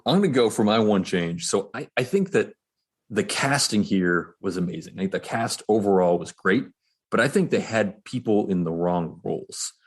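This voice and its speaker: Podcast co-host, male, low husky voice, laid-back and opinionated. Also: normal speed. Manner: relaxed, opinionated, thinking aloud. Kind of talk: casual chat.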